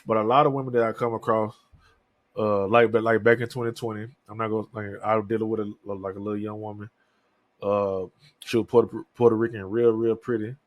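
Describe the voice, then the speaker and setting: A man's voice: lowish voice, level tone, brisk, no room sound, muffled recording. Candid, cursing man in his thirties. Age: 30s. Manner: candid, profane, rambling. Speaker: podcast host. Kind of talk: casual solo monologue.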